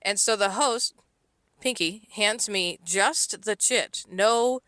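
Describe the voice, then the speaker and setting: A woman's voice: mid-range voice, slow pace, no echo. A woman co-hosting a casual podcast, telling a work story with plenty of swearing and acted-out quotes. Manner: swearing, animated retelling with quoted voices. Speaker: podcast co-host, server.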